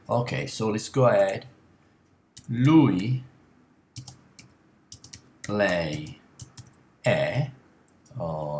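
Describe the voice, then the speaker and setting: A man teaching an elementary language lesson on a screencast, explaining patiently and slowly with frequent uh and um. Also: sits low, echoey room, slight background noise. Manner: slow, patient explaining with many uh and um.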